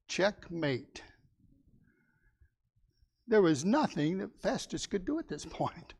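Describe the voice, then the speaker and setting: A man's voice: high-pitched, sing-song, slow pace, creaky, pauses often, a little mellow, husky. A man teaching a Sunday Bible class in a folksy way, asking his listeners questions and acting out the people in the story.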